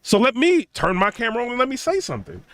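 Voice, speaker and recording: A young man hosting a home theater channel tells an animated story in casual talk, full of "you know" and "right?" and acting out other people's lines. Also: fast, dry recording. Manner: conversational, many fillers like "you know" and "right?"; acts out quotes of others in a raised, mocking pitch. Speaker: tech channel host.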